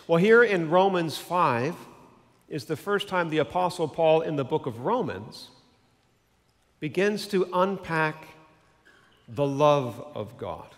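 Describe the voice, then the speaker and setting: A man's voice: fairly high pitch, expressive, takes it slowly, in a large hall. A male pastor giving a sermon in an earnest, conversational storytelling manner.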